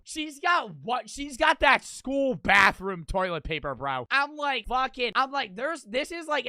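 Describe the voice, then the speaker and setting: A young man telling a crude story in casual, profane, animated fashion. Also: very high voice, no room sound. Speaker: streamer.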